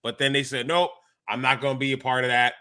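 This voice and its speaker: A man's voice: medium pitch, flat delivery, quick pace, bright, forceful tone, clean tone. A man co-hosting a wrestling podcast, talking in a casual chat as a worked-up fan who rants with emphatic exasperation.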